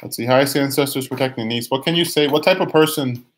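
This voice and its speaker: A young man in the middle range of men's voices hosts a live tarot reading stream. He chats loosely with viewers, teasing them as he reads their comments aloud. He stumbles and restarts his phrases as he pulls cards. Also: mid-range voice. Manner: many restarts and drawn-out phrases, sometimes sings a line. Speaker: tarot reader.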